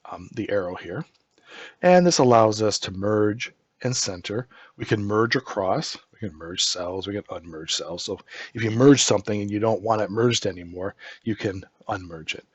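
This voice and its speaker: Low husky man teaching a software tutorial. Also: no room sound, lo-fi sound. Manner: relaxed, thinks aloud step by step with frequent ums. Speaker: instructor. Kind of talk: screen-recorded software tutorial.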